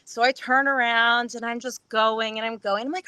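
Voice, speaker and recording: Bright, animated woman telling a story. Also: moderate pace, clear, resonant tone, no echo. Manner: animated, acts out quotes with big pitch jumps and laughter. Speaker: podcast guest. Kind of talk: casual storytelling chat.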